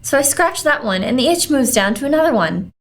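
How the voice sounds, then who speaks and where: A woman's voice: expressive, fairly quick. Storybook figure: woman voicing a whiny, itchy little schoolgirl. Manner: whining, complaining, higher than narration.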